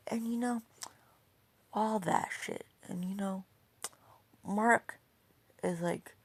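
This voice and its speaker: A woman's voice: medium pitch, very slow, vocal fry, pauses often, slightly rough, no room sound. A woman casually telling a fan story, rambling and swearing, filling gaps with "you know".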